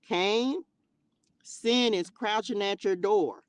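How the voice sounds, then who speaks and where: A woman voicing the Lord as a patient, all-knowing male figure who speaks in a plain, folksy way and warns gently. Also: medium pitch, slow pace, clean tone, dry recording, close to an everyday voice. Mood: warning. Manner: conversational, warning, folksy.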